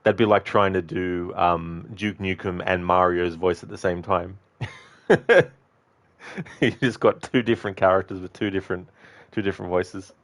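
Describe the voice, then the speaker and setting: Very deep-voiced man chatting with stream viewers. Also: steady tone, moderate pace, a bit bright, no room sound. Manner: rambling, chatty, answers viewers, swears freely. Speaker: game streamer. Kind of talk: casual live-stream chat.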